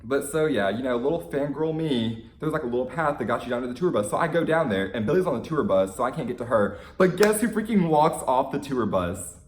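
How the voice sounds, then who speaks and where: A young man telling an excited fan story in a casual vlog, gushing and full of "like"s. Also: mid-range voice, quick pace, few pauses, reverberant, a little hiss or hum. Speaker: vlogger.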